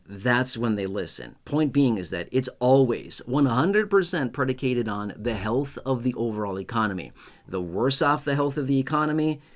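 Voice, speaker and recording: A man hosting his own video channel, talking straight to his viewers in a chatty, repetitive and emphatic way. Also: mid-range voice. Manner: chatty, repetitive, emphatic, acts out skits in raised voice. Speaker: YouTube host. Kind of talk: casual direct-to-camera talk.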